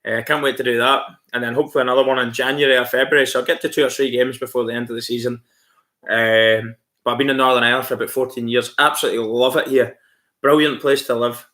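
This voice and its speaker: Scottish male streamer, bright and forward tone, easygoing chat with his viewers. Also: medium pitch, level tone, very fast. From Scotland. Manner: friendly and chatty, calls viewers mate, laughs often. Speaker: livestream host. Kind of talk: casual chat reading out viewer comments.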